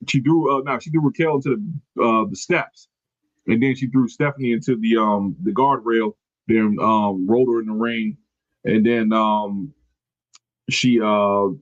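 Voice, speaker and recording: A man's voice: fairly low pitch, steady tone, a little slow, no room sound. Guy recapping stuff on a podcast, keeps backtracking and fixing himself, dry kinda muffled mic. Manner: rambling, self-correcting, reading from notes. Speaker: podcast host. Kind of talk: casual wrestling recap chat.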